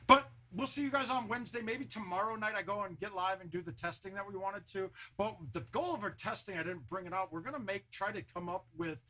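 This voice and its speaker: A man's voice: sits high, a little fast, hardly any pauses, bright, forceful tone. Chatty man streaming from home. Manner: chatty, loose, swears casually. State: sore throat. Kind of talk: casual live-stream chat.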